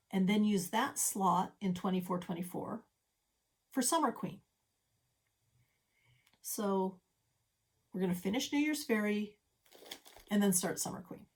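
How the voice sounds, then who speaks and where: A middle-aged woman showing her cross-stitch projects in a casual home vlog, chatty and self-deprecating with rambling asides. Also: medium pitch. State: a little out of breath. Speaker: stitching vlogger. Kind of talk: casual show-and-tell vlog. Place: home craft room.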